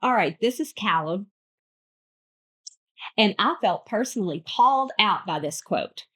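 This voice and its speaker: A woman's voice: mid-range voice, expressive, a little slow, a bit bright. A woman hosting a podcast, reviewing a book in a bubbly, playful, chatty way with lots of asides. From United States. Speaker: podcast host. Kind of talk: casual book review chat.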